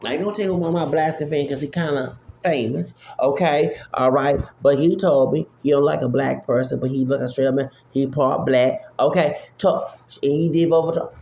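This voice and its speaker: A man's voice: fairly high pitch, steady tone, brisk, gravelly, hardly any pauses, dark tone, muffled recording. A man delivering an unfiltered, profane rant into a phone app, repeating himself and breaking into exclamations. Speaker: vlogger. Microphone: phone app recording. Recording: roomy echo with faint hum.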